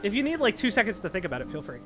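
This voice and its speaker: A man's voice: sits high, sing-song, rapid-fire, fairly bright tone, faint music behind. A man narrating as dungeon master of a tabletop game, rambling with many fillers.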